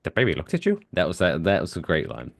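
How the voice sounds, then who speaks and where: A man's voice: sits low, fast, gravelly. A man co-hosting a podcast in casual chat, retelling favorite cartoon scenes and quoting them in funny voices. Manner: animated, quotes lines from cartoons in put-on voices. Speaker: podcast co-host.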